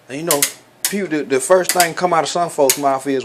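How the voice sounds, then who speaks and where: Profane guy ranting in AAVE, kinda high voice, asks question after question. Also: fast talker, a bit bright, slight background noise. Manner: blunt, profane, preachy, rhetorical questions. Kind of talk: profane street monologue.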